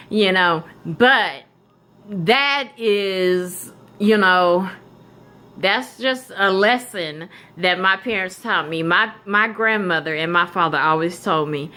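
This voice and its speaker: A woman's voice: on the low side, takes it slowly, pushed and bright, a little hiss or hum. A woman vlogger telling a story in casual chat. She is blunt and emphatic, with profanity in her talk.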